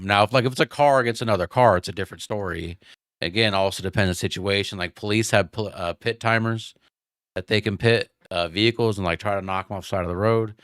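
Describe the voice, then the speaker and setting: Man, podcast host, low voice, smooth, loose rambling chat, dry sound. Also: no room sound. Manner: relaxed, rambling with fillers. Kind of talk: casual chat.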